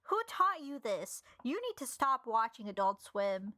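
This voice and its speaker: A woman's voice: on the high side, big pitch swings, a little slow, sharp tone, dry recording. A young woman streamer reading a game's text aloud, then reacting with sarcastic, exasperated outbursts and swearing. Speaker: streamer playing a visual novel.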